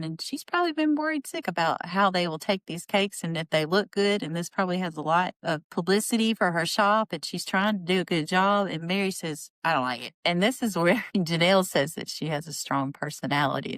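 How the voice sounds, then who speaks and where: A woman hosting a podcast, recapping a reality show in a chatty, indignant way and quoting people in lively voices. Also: on the low side, brisk, hardly any pauses, no echo. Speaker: podcast host. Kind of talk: casual commentary on a reality show.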